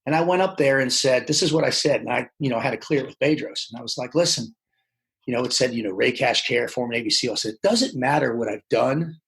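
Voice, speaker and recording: Animated man telling stories. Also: medium pitch, fast, gravelly, poor audio. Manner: animated storyteller, acts out quotes. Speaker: podcast guest. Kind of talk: casual storytelling interview.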